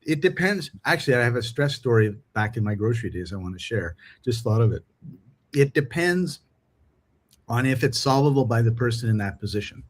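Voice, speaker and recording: A man's voice: medium pitch, a little fast. A middle-aged man from Canada co-hosting a podcast, chatting casually and acting out dialogue as he tells stories. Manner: animated storyteller acting out dialogue. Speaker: podcast co-host.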